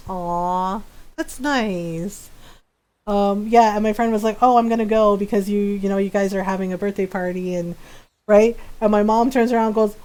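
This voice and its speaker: Chatty woman streamer, higher voice. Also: moderate pace, darkish tone. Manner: chatty, laughs often, acts out quotes. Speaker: game streamer. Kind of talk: casual chat while gaming.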